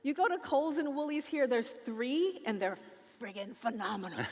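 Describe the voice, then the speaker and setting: An American woman on a festival stage, talking in an animated, playful and sassy way. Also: high voice, normal speed. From United States. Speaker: featured speaker. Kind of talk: onstage conversation. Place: large festival stage hall. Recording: long hall reverb.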